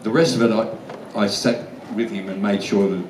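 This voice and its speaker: Brief: Australian man, blunt and sweary storyteller; low voice, distant mic, faint room noise. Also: steady tone, moderate pace. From Australian outback. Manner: blunt, swears freely, laughs often. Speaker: guest actor at fan convention Q&A. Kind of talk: casual storytelling Q&A answers. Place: large convention hall. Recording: echoey hall, from far off, faint room noise.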